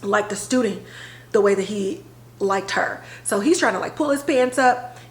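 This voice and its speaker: A woman podcast host retelling a TV episode in a casual, animated way, full of filler words. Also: medium pitch, normal speed, echoey room, poor audio. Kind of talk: casual storytelling recap.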